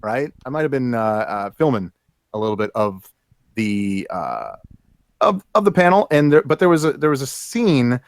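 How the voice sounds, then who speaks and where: A man hosts a casual chat with a lively, animated pitch, stumbling through fillers and restarts. His voice sounds dry and close to the mic. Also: dry recording. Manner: halting, filler-heavy, upbeat. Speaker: host.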